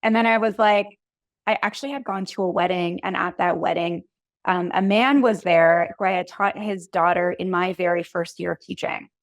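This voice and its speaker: A woman in her thirties, a podcast guest and coach, telling her story in a chatty, animated way full of "like"s. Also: lowish voice, normal speed, dry recording. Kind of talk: casual conversational interview.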